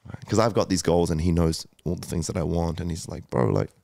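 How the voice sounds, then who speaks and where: A man's voice: deep voice, fairly even intonation, a little fast, gravelly, dark tone, no room sound, studio quality. A man in his thirties, a podcast guest, telling his story candidly and emotionally, with lots of swearing, fillers and restarts. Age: 30s.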